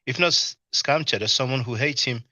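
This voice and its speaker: A man's voice: medium pitch, brisk, bright, forceful tone, dry recording, studio quality. A man giving casual commentary on a live stream and reading chat, mocking and scornful, often asking "you see?". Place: abroad in Europe.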